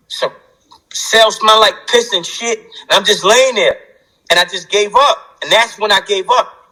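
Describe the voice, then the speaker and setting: A man with a New York accent, an interview guest telling an emotional personal story in animated, slangy and profane speech. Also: high voice, low-quality recording.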